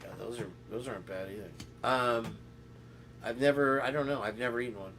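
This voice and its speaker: A man's voice: medium pitch, a little fast, fairly bright tone, slight background noise. A man hosting a casual podcast, rambling through stories and jokes and laughing often. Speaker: host.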